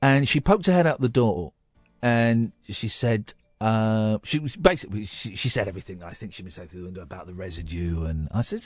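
A man hosting a radio phone-in, telling a rambling story in an animated way, in a studio at a studio mic. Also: fairly low pitch, a little fast, no room sound. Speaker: radio host. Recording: dry studio sound.

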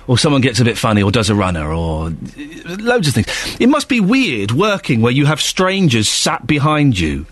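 Playful, husky-voiced radio host man. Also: medium pitch, normal speed, few pauses, no room sound. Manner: playful, animated, jokey. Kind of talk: radio phone-in hosting.

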